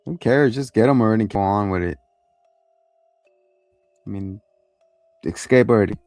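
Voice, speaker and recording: Low gravelly dude recapping an episode, rambly, swears a lot, dry close sound, faint music under. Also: male voice, moderate pace, darkish tone, no room sound. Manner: rambling and profane, acts out lines. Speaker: show host reviewing a TV episode.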